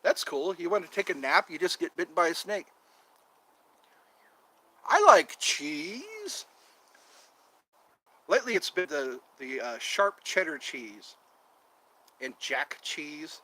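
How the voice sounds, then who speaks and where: A slightly high, sharp-toned male voice at a moderate pace belongs to a channel host doing a casual outdoor stream, where he wanders through jokey talk and lengthens some words. The recording is rough.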